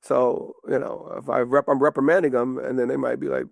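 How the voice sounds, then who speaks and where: A man's voice: medium pitch, little pitch movement, fairly quick, vocal fry, no room sound, clean studio sound. A comedian guest chatting casually and animatedly, acting out voices as he tells stories. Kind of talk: casual storytelling chat.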